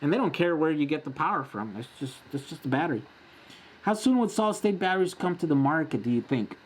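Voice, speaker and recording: A man's voice: fairly high pitch, expressive, quick pace. A man in his forties hosting a casual live-stream Q&A, chatty and rambling, often laughing as he answers. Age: 40s.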